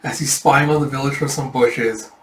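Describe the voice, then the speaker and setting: A man in a casual comic readthrough, lively and chatty as he narrates the panels. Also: mid-range voice, normal speed, slight background noise. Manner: lively, chatty, jumps into character voices. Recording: roomy, mic at a distance.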